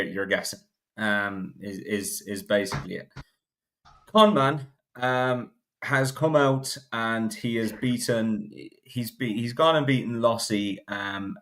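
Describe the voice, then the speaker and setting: A man giving blunt, opinionated horse racing takes on a casual podcast, often restarting sentences. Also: lowish voice. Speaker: podcast panelist.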